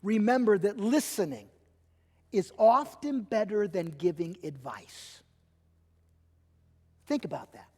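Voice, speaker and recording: Middle-aged guy preaching, high voice, lots of emphasis, big church reverb. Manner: animated, emphatic preaching with acted-out quotes. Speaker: pastor. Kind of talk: sermon. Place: church sanctuary. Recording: long church hall reverb.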